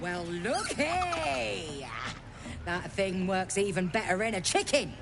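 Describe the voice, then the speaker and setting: Bossy gruff goblin running a chicken game, swoopy high voice. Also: female voice, animated, slow pace, heavy background noise. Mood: taunting. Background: game music.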